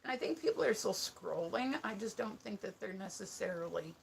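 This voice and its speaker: A woman's voice: mid-range voice, animated, brisk, gravelly, a little hiss or hum. A woman with a New Jersey accent chatting casually on a livestream, rambling, laughing often and swearing casually. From United States. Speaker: live streamer. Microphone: phone.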